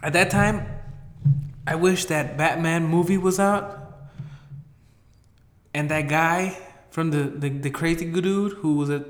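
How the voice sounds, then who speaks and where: A man telling a rambling, profane story, blunt and swinging between loud outbursts and low mutters. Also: takes it slowly, long pauses, echoey room.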